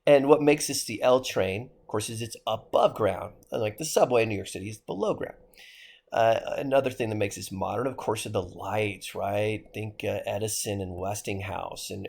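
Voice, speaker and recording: A man's voice: on the low side, fairly even intonation, moderate pace, gravelly, a little mellow, husky. A man with a Midwestern American accent giving a history lecture to his class, asking rhetorical questions as he goes. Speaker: history teacher.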